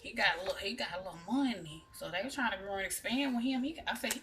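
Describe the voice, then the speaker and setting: A woman's voice: medium pitch, animated, fast, far from the mic, background noise. Blunt, chatty woman reading tarot. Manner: chatty, blunt, addresses viewers as y'all. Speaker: tarot reader. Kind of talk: casual spiritual reading. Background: music.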